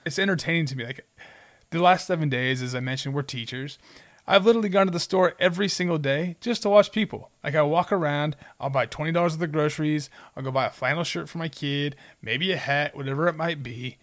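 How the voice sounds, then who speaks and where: A man's voice: on the high side, fast, fairly bright tone. A man in his forties from Southern California, co-hosting a faith podcast and telling personal stories in a rambling, earnest way. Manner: rambling, earnest storytelling with restarts. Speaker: podcast co-host. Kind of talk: casual faith talk.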